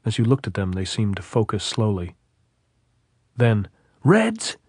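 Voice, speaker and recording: A man narrating a novel as an audiobook, reading in a measured, steady way. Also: on the low side, no room sound, clean studio sound.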